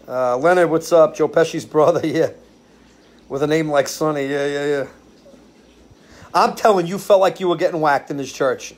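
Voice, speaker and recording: A man hosting a casual live stream outdoors on his porch, chatting to viewers. He rambles from story to story and loses his place now and then. His voice sits a little high. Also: moderate pace, pauses often. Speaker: live-stream show host. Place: outdoors on a porch under a ceiling fan.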